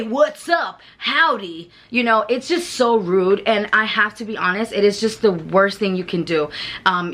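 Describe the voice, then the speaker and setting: A woman's voice: medium pitch, fairly bright tone. Frank, chatty woman vlogger. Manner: frank and chatty, with mild swearing. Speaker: travel vlogger. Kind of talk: casual travel tips to camera.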